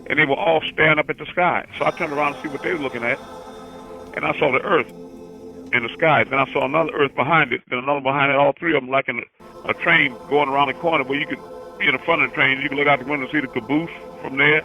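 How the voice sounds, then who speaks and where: Man, call-in host, loose rambling storyteller, bright tone. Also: medium pitch, steady tone, fast talker, soft background music, low-quality recording. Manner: rambling, repeats words, tells long visions. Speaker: host answering callers. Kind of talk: casual call-in talk.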